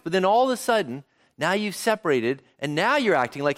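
Male preacher, fairly high voice, very expressive delivery, talks straight to the congregation. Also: brisk. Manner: animated, asks the congregation questions. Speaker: pastor. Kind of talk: sermon.

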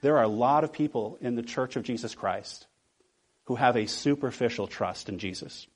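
A male pastor preaching a sermon, asking the congregation rhetorical questions and slowing down to stress key words. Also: medium pitch, breathy edge.

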